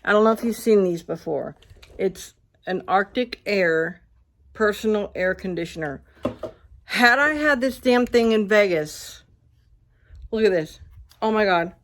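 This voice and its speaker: A woman ranting casually to her viewers, blunt and animated, swearing freely, recorded on a phone indoors at a friend's house. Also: mid-range voice. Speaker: vlogger.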